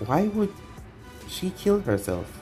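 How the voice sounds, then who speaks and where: A man's voice: high-pitched, big pitch swings, slow, dark tone, faint music behind, voice pushed up, exaggerated voice. A man voicing a brooding young ninja leader. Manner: brooding, questioning.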